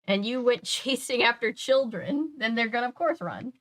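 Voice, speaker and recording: A woman's voice: on the high side, lively intonation, normal speed. Chatty young woman streamer, filler-heavy. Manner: chatty, many filler words, talks to chat. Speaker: live-stream host reading a book aloud. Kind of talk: casual live-stream chat.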